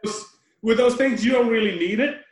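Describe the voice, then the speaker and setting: A man on a casual film podcast, retelling a movie with animated storytelling and frequent laughs. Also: extremely high pitch, quick pace. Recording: echoey room.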